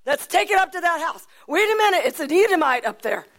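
A woman's voice: very high-pitched, very animated, fairly quick, fairly bright tone, pitched above the performer's own voice, heavily acted. A woman voicing an angry, stubborn grown king who gives curt, dismissive orders. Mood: irritated.

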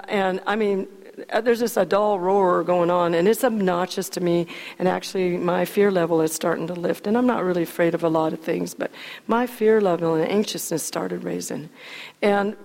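A woman telling a personal story to an audience in a lively, chatty way, laughing often and restarting her sentences. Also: medium pitch, vocal fry, long reverb tail. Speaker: speaker telling a testimony.

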